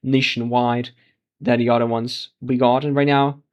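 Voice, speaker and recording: A man's voice: medium pitch, little pitch movement, normal speed, highs cut off. Man live-streaming election results. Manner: thinks aloud, restarts sentences, laughs at surprises. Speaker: election livestream host.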